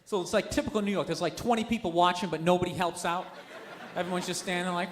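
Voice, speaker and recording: A man's voice: high-pitched, steady tone, quick pace. A man doing a stand-up comedy set, ranting sarcastically and acting out characters in asides. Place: live comedy venue with audience. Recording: noisy live club recording.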